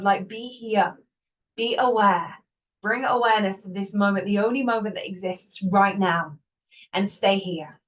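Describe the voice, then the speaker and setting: A woman hosting a self-help podcast, talking in an animated way, laughing often and acting out her inner voices. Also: mid-range voice. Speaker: podcast host. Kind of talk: motivational self-help talk. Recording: voice a bit distant from the mic.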